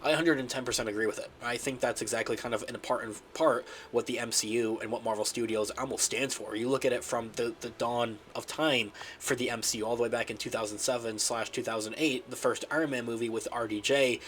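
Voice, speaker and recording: A man rattles off upbeat channel commentary at a rapid clip, his voice nasal and stuffed up from a cold. He keeps an energetic host's patter going the whole time. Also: medium pitch, slight background noise. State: sick with a stuffy nose. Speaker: channel host.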